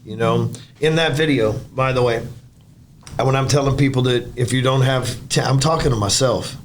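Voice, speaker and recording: A man's voice: mid-range voice, moderate pace, a little hiss or hum. A middle-aged man hosting a podcast in casual chat, blunt and emphatic, swearing freely. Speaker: podcast host.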